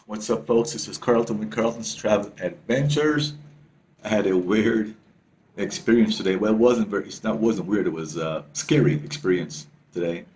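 A male travel vlogger telling a story to camera in a casual, excitable way, swearing freely and repeating himself. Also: lowish voice, moderate pace, slight background noise.

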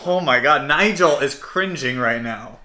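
A man's voice: mid-range voice, unhurried, sharp tone. A man hosting a casual talk show, teasing his co-hosts and laughing often. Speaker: host. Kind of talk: casual podcast banter.

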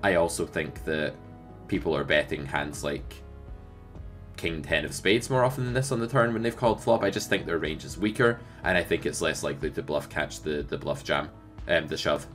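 A man teaching poker strategy, explaining in a lively way and asking the viewer rhetorical questions. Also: a bass voice, normal speed, faint music behind. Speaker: poker coach.

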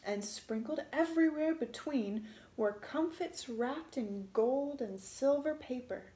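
A woman reading a storybook aloud in an expressive way, relishing the sound words. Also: high voice, slow pace, roomy sound.

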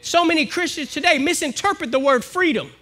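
A man with an American accent preaching a sermon to his congregation, building to forceful exhortation. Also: very high voice, expressive, a little fast, soft background music. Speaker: minister. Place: church, live-streamed service.

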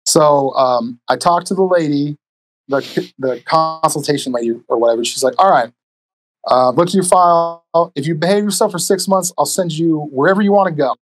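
A man telling stories casually on a podcast as a guest, animated and profane, acting out the people in his stories. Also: a little high, moderate pace. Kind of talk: casual storytelling.

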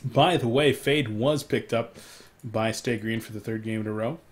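A young man casting a live esports match alone, excitable in fights and stopping to apologize to viewers for his hiccups. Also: normal speed. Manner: excitable, rises sharply in loudness and pitch during fights. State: has the hiccups. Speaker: esports caster. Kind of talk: solo live game commentary.

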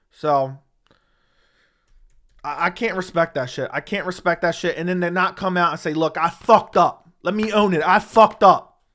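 A man's voice: high-pitched, a bit bright. Fired-up, profane man ranting. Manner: heated, profane, emphatic. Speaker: MMA commentary host. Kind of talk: livestream rant. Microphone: studio dynamic mic.

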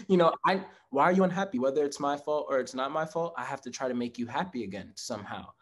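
A man's voice: medium pitch, animated, fairly quick, background noise. A man talking as a guest in a casual conversation, earnest and reflective, often laughing.

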